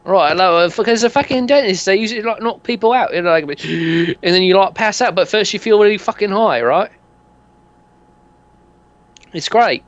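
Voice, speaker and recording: A man performs a pushy, sleazy male fixer, wheedling and nudging while peppering his lines with "mate" and "eh." The character voice sits high, above the performer's own yet close to an everyday voice, at a moderate pace. The audio is dull and lo-fi, with no room sound.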